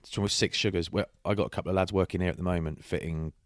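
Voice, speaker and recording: A chatty man telling stories on a podcast, with a very low, deep voice. The sound is dry and close, with no room echo around it. He talks easily and calls his friend mate. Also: steady tone, rapid-fire. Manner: chatty storyteller, says mate a lot. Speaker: podcast host. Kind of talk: casual podcast chat.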